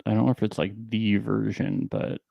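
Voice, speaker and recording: A man co-hosting a live TV recap podcast, joking around with quick, animated asides. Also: lowish voice, gravelly, no echo, lo-fi sound. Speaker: podcast co-host. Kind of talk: casual live recap chat.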